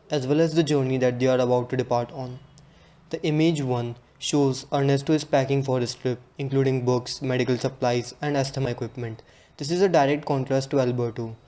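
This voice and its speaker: Mellow-voiced man reading a class presentation. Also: medium pitch. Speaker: student presenter. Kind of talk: read-aloud class presentation.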